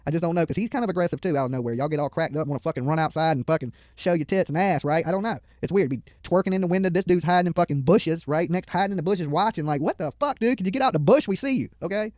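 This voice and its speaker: A man's voice: fairly high pitch, very fast, hardly any pauses, darkish tone, no room sound. A man giving profane, mocking live commentary on a video from a studio, heckling the people on screen and rambling into stories.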